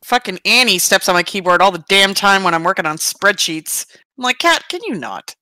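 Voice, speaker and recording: A player chatting casually at a tabletop game. The voice is bright and forceful. It sounds dry and close. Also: medium pitch, brisk, no room sound. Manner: casual, swears.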